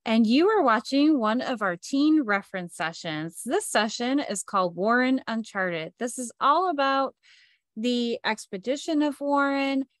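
A woman from a library's teen services introduces and hosts a video session with an upbeat, welcoming manner. Her voice sits somewhat high. The sound is dry and close, with little room around it. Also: expressive, a little slow, a bit bright, dry recording.

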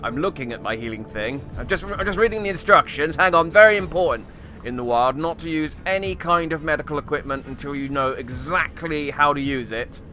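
A man giving joking gameplay commentary in a hammy, put-on Australian accent, with wry, self-mocking deadpan asides. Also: a little high, a little fast. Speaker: let's play commentator. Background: video game music.

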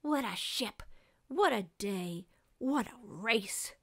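A woman's voice: a little high, expressive, slow, fairly bright tone, full character voice. Storybook figure: woman voicing a cheerful, well-mannered mouse sailor, slightly raised voice. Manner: courteous, cheerful. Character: brave, polite little mouse sailor.

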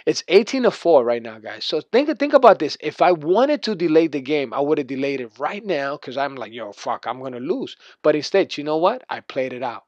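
A man's voice: fairly high pitch, very animated, brisk, hardly any pauses, darkish tone, no echo. A man doing a boastful, profane rant as gameplay commentary over a video game. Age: adult. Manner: boastful, profane, trash-talking. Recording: dull lo-fi dry recording.

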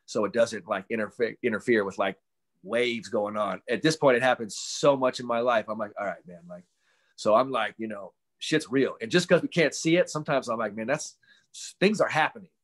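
This guest, a mental performance coach, talks a little fast in a medium-pitched voice during a casual podcast interview over video. His storytelling is animated, sprinkled with offhand swearing, and he performs the voices of people he's quoting.

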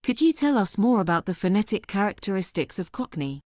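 Woman, host, clear upbeat delivery, dry close sound. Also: mid-range voice, very animated, fairly quick, darkish tone, no echo. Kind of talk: scripted presenting.

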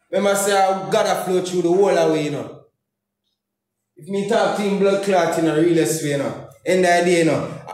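A Jamaican man rants on social media, heated and full of curses, circling back to the same phrases again and again. His voice sits high for a man. The sound rings hard off the walls of a very echoey room. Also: a little mellow. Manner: heated, cursing, repeating phrases in Jamaican Patois. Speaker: comedian and YouTuber. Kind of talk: angry social media rant.

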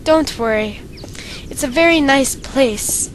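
A woman's voice: high-pitched, takes it slowly, a little hiss or hum. A young woman voicing a kind grown woman who leads orphan girls to a new home, read with a clumsy attempt at an accent. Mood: reassuring.

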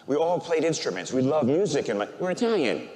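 An older man, a priest, preaching a sermon and telling an emotional personal story, swinging from loud proclamation to quiet, near-tearful speech. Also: a little high, big pitch swings, fairly quick, long reverb tail.

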